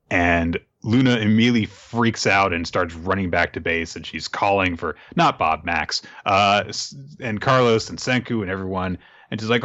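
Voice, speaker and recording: A man's voice: low-pitched, normal speed, a bit bright, dry recording. A man hosting a podcast, casually recapping a manga chapter with laughs and the odd swear word. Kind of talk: casual chat. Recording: dull, dry lo-fi sound.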